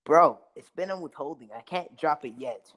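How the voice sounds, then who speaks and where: A young man with a somewhat raised voice, talking brashly and full of slang on a casual podcast. He jumps in loudly over the others. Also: fairly high pitch, lively intonation, normal speed. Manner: brash, hyped-up slang talk.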